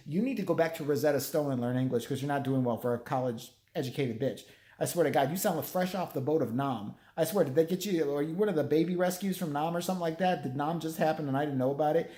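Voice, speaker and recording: A man's voice: on the high side, fast talker, warm tone. A man telling a profane, sarcastic story in a rambling rant as a vlogger. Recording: roomy echo.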